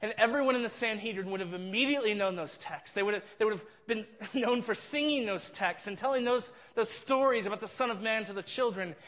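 A man's voice: sits high, a little fast, hardly any pauses, a bit bright. A man preaching a sermon, retelling a scene with earnest, vivid storytelling and frequent repeats. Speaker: pastor.

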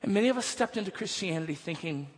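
High-voiced pastor preaching in a hall. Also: male voice, animated, quick pace, slightly rough. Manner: casual storytelling, builds to emphatic preaching. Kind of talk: sermon. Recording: long hall reverb.

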